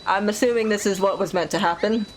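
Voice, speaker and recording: A woman streaming a game, chatting casually and sleep-deprived, playful, rambling and quick to laugh. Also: mid-range voice, poor audio. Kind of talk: casual gameplay commentary. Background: game music.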